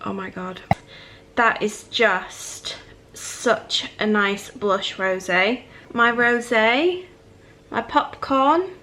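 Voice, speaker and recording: Slow-talking, chatty young woman vlogger. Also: fairly high pitch, a little hiss or hum. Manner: chatty, excitable, gushing. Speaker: lifestyle vlogger. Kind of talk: casual vlog narration. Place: cosy home living room.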